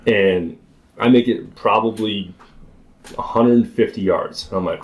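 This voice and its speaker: A young man, a podcast guest, telling a story in casual chat with animated delivery, frequent laughs and many filler words. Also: lowish voice, unhurried.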